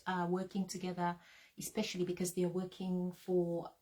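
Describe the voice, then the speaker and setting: A woman with a slightly low voice, co-hosting a casual chat with her husband. She talks in an easy, unhurried way, pausing on little ums as she gathers her thoughts. Her tone stays conversational throughout. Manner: relaxed, chatty, with frequent ums and laughs. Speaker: co-host, business partner.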